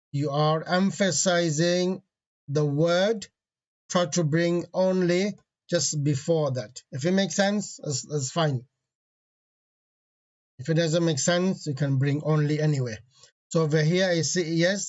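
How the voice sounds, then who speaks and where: A man with a somewhat high voice leads an online grammar lesson, quizzing his students as he goes. The sound is dull and lo-fi, as if from a basic class call. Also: darkish tone. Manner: asks the class questions, reads Arabic parsing terms. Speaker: Arabic grammar teacher.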